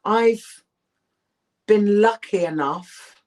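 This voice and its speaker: Middle-aged actress as interview guest, emphatic storyteller, mid pitch. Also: female voice, extremely slow. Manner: emphatic, animated storytelling with restarts. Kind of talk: candid interview conversation.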